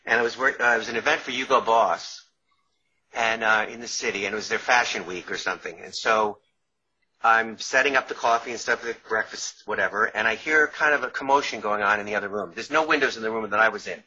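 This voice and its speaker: Male guest with a New York accent, husky bright tone, chatty and self-interrupting; muffled lo-fi audio. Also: on the low side, quick pace. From Long Island, New York. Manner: rambling, self-interrupting, laughs through stories. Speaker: guest, author and former caterer. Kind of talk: casual storytelling interview. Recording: dull lo-fi sound.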